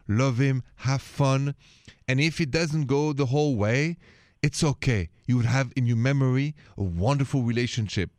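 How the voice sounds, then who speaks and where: A man's voice: mid-range voice, no echo, studio quality. French-accented man hosting advice radio. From France. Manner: relaxed, drops French phrases into his talk. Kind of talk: call-in radio advice talk.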